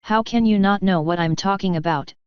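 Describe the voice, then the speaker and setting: A woman's voice: mid-range voice, fairly quick, clean tone, no room sound, lo-fi sound, close to an everyday voice. A woman voicing a proud adult unicorn mare who is furious with her brother, speaking in a clipped, cold way.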